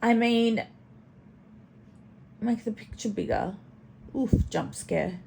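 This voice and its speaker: Gravelly, slow-talking snarky woman. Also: a little high, expressive, noisy background. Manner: chatty, snarky, swears, talks to her pet in baby talk. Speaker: commentary channel host. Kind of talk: casual reaction commentary.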